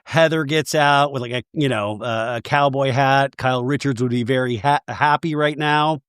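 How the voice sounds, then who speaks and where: A man hosting a podcast, recapping a reality show with animated, mocking asides. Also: normal speed, clean tone, no room sound, clean studio sound. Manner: animated, does high-pitched mocking impressions of cast members. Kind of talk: comedic recap monologue.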